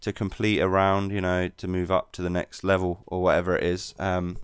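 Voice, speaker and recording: A man giving relaxed, rambling commentary over his gameplay as the channel's host. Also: sits low, fairly quick, smooth, no echo, studio quality.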